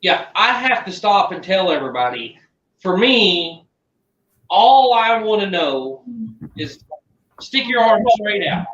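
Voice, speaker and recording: A man's voice: high-pitched, very animated, slow, pauses often, fairly bright tone. A man joining as a guest on a video call, telling a story in a laid-back, drawling, folksy way. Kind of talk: casual chat. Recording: roomy, distant, muffled call audio.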